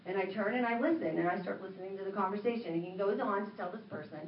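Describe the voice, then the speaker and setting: A woman minister preaching a sermon, telling a story in an animated way and acting out the dialogue. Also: mid-range voice, fast talker, slight background noise. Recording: roomy, distant, dull sound.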